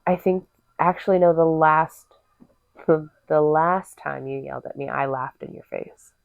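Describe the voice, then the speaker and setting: Teasing low-voiced woman, tinny sound. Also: measured pace, creaky, no room sound. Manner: teasing, blunt, acts out voices in her stories. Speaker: podcast co-host. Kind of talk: casual chat.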